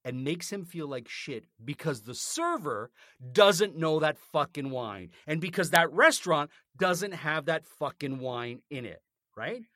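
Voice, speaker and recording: A man's voice: fairly high pitch, sing-song, unhurried, bright, forceful tone, dry recording, studio quality. A man co-hosting a podcast, telling a story in a casual, indignant rant and swearing freely. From North America. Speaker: podcast co-host. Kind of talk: casual chat, ranting story.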